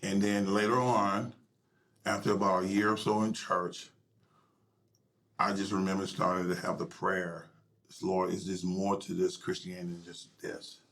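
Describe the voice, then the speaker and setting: A middle-aged male pastor telling his personal story in an interview, emotional and halting, sometimes dropping to a near whisper. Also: deep voice, flat delivery, a bit bright. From United States.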